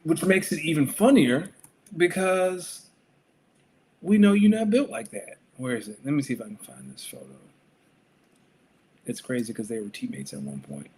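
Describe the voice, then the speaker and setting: A man's voice: on the high side, sing-song, normal speed, pauses often, darkish tone, slight background noise. A man co-hosting a casual sports podcast, talking with wry, dry commentary. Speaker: podcast co-host. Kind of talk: casual chat.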